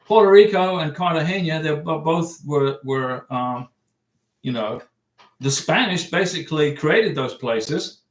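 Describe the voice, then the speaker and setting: A man's voice: fairly high pitch, measured pace. Chatty middle-aged man, echoey room. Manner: chatty, rambling, frequent restarts. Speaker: livestream host giving visa advice. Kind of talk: casual livestream chat reading viewer comments. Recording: echoey room, distant mic.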